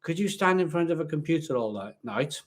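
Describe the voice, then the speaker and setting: Male streamer, slightly high voice, loose chatty delivery that doubles back on itself, talking into a laptop webcam at home. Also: lively intonation, a little fast. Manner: chatty, repeats himself, talks to viewers. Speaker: beer reviewer livestream host. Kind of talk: casual live-stream chat.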